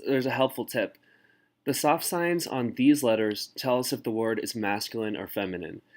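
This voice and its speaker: A man teaching a language lesson in a relaxed, casual way, slowly sounding out example words. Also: mid-range voice.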